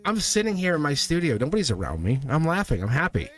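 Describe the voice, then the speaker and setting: A man's voice: fairly high pitch, wildly swooping pitch, fast talker, fairly bright tone. Chatty man hosting a tarot stream. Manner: rambling, chatty, laughs often. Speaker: tarot reader and host. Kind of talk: casual livestream tarot chat. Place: his own studio.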